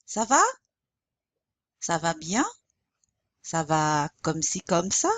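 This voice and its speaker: Slow, patient woman teaching French. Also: sits low, expressive, fairly bright tone. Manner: slow, patient, spelling letters out one by one. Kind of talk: recorded online lecture.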